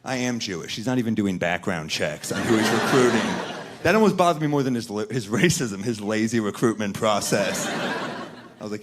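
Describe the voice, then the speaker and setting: A man performing stand-up comedy on a club stage into a handheld mic, with a dry, deadpan delivery. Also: on the low side, moderate pace, background noise. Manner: deadpan, dry delivery, talking back to a heckler. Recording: live club recording, laughing crowd.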